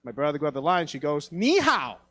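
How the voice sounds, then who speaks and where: Guy doing stand-up on a theatre stage, kinda high voice, acts out all the voices in his stories. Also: racing. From Taiwan. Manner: animated storytelling, acts out voices. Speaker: stand-up comedian. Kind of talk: stand-up comedy set.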